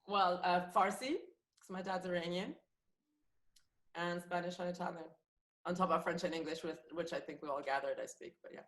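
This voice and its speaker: A woman's voice: on the low side, moderate pace, a bit bright. Chatty woman comedian in a roomy space. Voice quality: chatty, laughs often, speaks freely with many restarts. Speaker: comedian and actress, podcast guest. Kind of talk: casual chat. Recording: roomy echoey sound.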